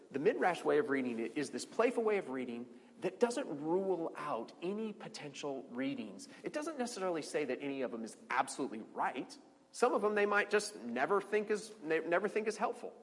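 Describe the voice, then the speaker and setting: A man giving an informal Bible teaching to a group, animated and repeating words as he restarts phrases. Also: in a large hall. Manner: animated, restarts phrases, swoops high on emphasis.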